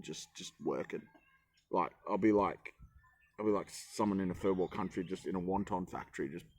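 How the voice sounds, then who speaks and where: Cooking outdoors in a forest, a male travel vlogger chats casually, rambling and joking at his own expense. His voice is low and a little mellow.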